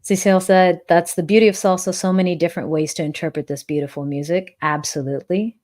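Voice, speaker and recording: Low-voiced woman hosting a live chat. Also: fairly even intonation, quick pace, darkish tone. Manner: earnest, reflective, repeats phrases for emphasis. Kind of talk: live-stream Q&A, reading chat comments.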